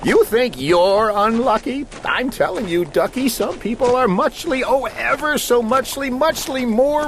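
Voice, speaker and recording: A man's voice: extremely high pitch, a little slow, few pauses, a little hiss or hum. A man reading a rhyming children's book aloud in a playful, sing-song storytelling manner. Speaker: storybook reader.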